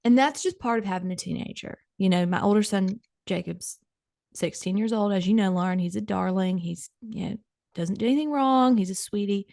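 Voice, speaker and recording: A woman's voice: medium pitch, brisk, gravelly, warm tone, no echo, studio quality. A middle-aged woman hosting a comedy podcast, telling a dramatic, gossipy story to her co-host.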